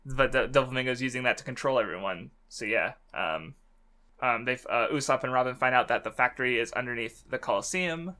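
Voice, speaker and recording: This man's mid-range voice is fairly quick and sharp-toned. Co-hosting a podcast, he rambles through casual chat full of fillers and restarts, cursing freely and laughing often.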